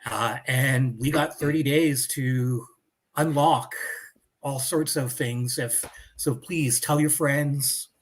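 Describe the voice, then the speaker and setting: A man's voice: medium pitch, steady tone, slow. A man cohosting a casual livestream, easygoing as he thanks viewers. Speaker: magazine staff cohost.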